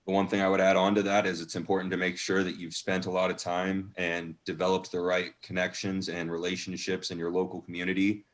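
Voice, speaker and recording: A man speaking as a panelist, giving steady advice over a video call. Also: sits low, a little fast, hardly any pauses.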